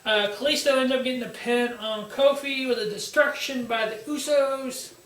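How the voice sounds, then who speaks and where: Man, high voice, casual sarcastic recap host, swears, echoey room, set back from the mic. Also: fairly even intonation, moderate pace, a bit bright. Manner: blunt, sarcastic, swears freely. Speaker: wrestling review show host. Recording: roomy echo, distant from mic.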